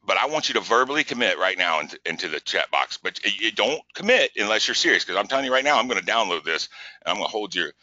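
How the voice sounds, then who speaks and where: Bright, pushy man hosting a webinar. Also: lowish voice, fast talker, dry recording, muffled recording. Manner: energetic, repetitive, pushy coaching. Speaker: webinar host. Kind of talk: live business webinar talk.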